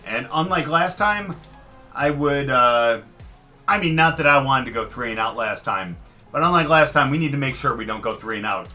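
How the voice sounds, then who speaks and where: A man giving live commentary over his own football video game, swinging from muttered frustration to loud excitement. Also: mid-range voice, normal speed, faint music behind. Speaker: gaming commentator.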